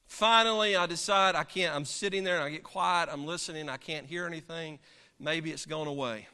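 A man, a pastor, preaching and telling a story from the pulpit in an animated, dramatic way, heard in a church sanctuary. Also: fairly high pitch, brisk, clean tone. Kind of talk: sermon storytelling. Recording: long reverb of a large hall.

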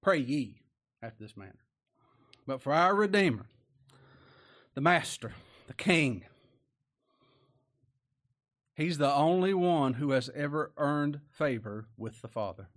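A man's voice: on the high side, expressive, measured pace, long pauses, fairly bright tone. A male preacher giving a sermon in a folksy, plain-spoken way, driving his points home with repeated rhetorical questions.

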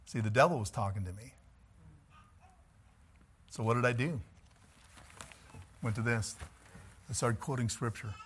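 A male pastor preaching a sermon, telling stories in an animated way and chuckling as he goes. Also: medium pitch, measured pace, pauses often, slightly rough.

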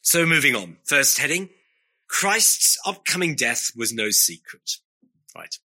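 A man preaching a sermon to his congregation, earnest and emphatic, leaning on slow, stressed phrases. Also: mid-range voice, sing-song, sharp tone.

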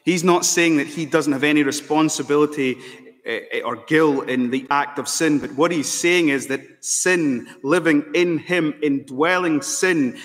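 In a church with long reverb, a man preaching as pastor earnestly challenges his congregation with pointed rhetorical questions. His voice is fairly high in pitch and a bit bright.

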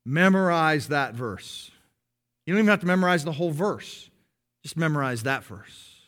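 A man preaching a sermon to his congregation, explaining patiently and slowing down to stress key phrases. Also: on the high side, lively intonation, fairly bright tone. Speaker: pastor.

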